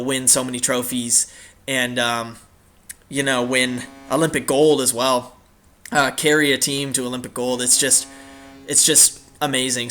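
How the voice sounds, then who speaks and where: A man's voice: mid-range voice, pushed and bright. A young man casually commenting on a hockey video game as its host, rambling with many fillers and the odd swear. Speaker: gaming channel host.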